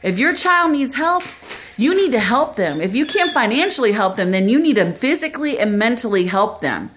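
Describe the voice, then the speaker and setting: Middle-aged woman, grandmother, earnest casual vlog advice, lively up-and-down voice, fairly high. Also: moderate pace, slight background noise. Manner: earnest, preachy, talks to a grandchild in between. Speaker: grandmother vlogger.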